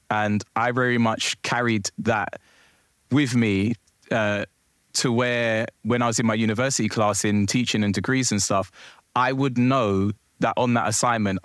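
A young man with a low voice tells his stories in a casual interview. He speaks easily and laughs often, with plenty of fillers. The sound is dry and close. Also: normal speed, dry recording. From South East London. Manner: lively storyteller, laughs easily, frequent fillers. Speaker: guest, cultural commentator.

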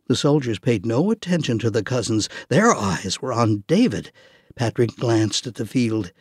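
A man narrates a children's audiobook, telling the story expressively in a mid-range voice with a breathy edge. His pace is moderate, and the recording is dry with clean studio sound.

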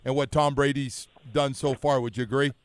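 A man hosting a sports radio show and interviewing a guest in a relaxed, conversational way. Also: medium pitch, smooth, no echo. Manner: conversational, quick to agree. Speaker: radio sports talk host.

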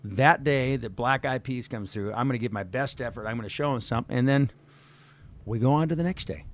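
A man's voice: mid-range voice, fairly quick. A man in his fifties, an arena manager, speaking outspokenly and telling stories as a guest in an office. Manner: outspoken storyteller, acts out quotes. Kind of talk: casual interview chat.

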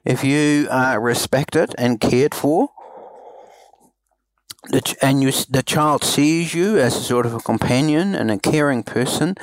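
A man's voice: medium pitch, dry recording, rough recording. Parenting coach, male, earnest, stop-start delivery, dry remote-call audio. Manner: earnest, halting, many restarts. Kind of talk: podcast interview answers.

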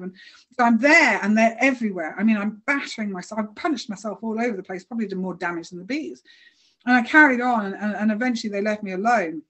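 A woman's voice: medium pitch, fast, fairly bright tone. British woman guest, chatty and self-mocking, lots of restarts. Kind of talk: casual storytelling.

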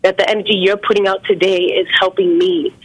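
A woman calling in to a talk show, speaking in an earnest, halting and grateful way. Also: medium pitch, steady tone. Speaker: caller. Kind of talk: call-in talk. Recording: phone line.

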